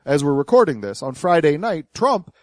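A man's voice: fairly high pitch, sing-song, normal speed, dry recording, studio quality. A man hosting a podcast in casual commentary, sarcastic and full of hesitant fillers. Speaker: podcast host.

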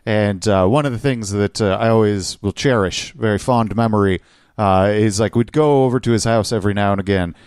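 A man's voice: fairly low pitch, brisk, darkish tone, smooth, dry recording, clean studio sound. A man co-hosting a podcast, talking casually in a rambling, stop-start way with laughs. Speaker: podcast co-host. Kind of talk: casual chat.

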